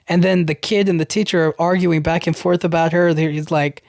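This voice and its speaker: A man's voice: a little high, steady tone, fairly quick, gravelly, few pauses, a little mellow, no room sound. Rambling young man, dry close sound. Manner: rambling, full of "you know what I mean" and "like". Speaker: podcast host. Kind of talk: casual film recap.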